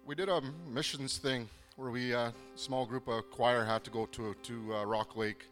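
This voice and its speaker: A man from southern Manitoba gives a personal faith testimony, earnest and halting, with many pauses and restarts. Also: medium pitch, steady tone, a bit bright, in a large hall, soft background music. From southern Manitoba, Canada. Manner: earnest, moved. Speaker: program participant giving testimony.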